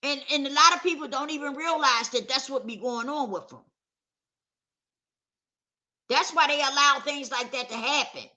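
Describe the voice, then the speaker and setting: A woman's voice: high voice, normal speed, pauses often, sharp tone. A woman vlogger talking straight to camera in a casual, emphatic rant, circling back to the same points with heat. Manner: emphatic, repetitive, heated.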